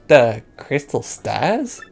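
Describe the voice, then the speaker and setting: A woman doing a gruff male mob boss, low voice, tough-guy slang, slow menacing drawl, video game. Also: sing-song, a little mellow, full character voice.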